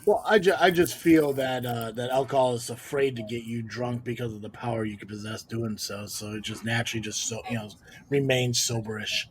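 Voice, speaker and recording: A man's voice: medium pitch, steady tone, fairly quick, a little hiss or hum. Laid-back man hosting a podcast. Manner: laid-back, mutters asides under his breath. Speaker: podcast host and wrestling promoter. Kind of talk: casual podcast chat.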